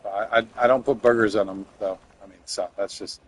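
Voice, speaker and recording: A man's voice: lowish voice, steady tone, brisk, a little hiss or hum. Rambling, jokey young male game streamer. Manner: rambling, jokey, talks to chat. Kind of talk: casual live-stream chat while playing.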